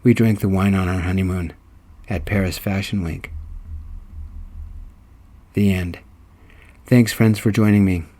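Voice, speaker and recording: A man reading his own romance story aloud, steady and even. His voice is low and mellow, with a soft, dark warmth. The narration is scripted and calmly paced. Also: a little slow, long pauses. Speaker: storyteller and reader.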